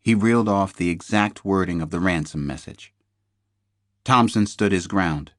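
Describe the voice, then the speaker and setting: A man narrates a crime thriller in the first person, measured and tense. His voice sits low, and the read is close and dry. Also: fairly bright tone, no room sound. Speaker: audiobook narrator.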